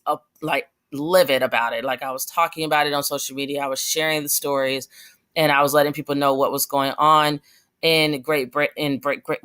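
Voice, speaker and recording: A woman's voice: low voice, a bit bright, smooth. A young adult woman giving passionate, rambling commentary on her vlog, with many fillers and restarts. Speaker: vlogger.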